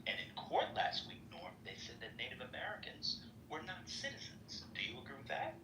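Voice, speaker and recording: A man's voice: mid-range voice, big pitch swings, fairly quick, far from the mic. A man hosting a political podcast, debating heatedly and pressing the same pointed questions again and again. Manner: combative, repeats pointed questions. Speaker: podcast host. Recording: echoey room with noise, off-mic.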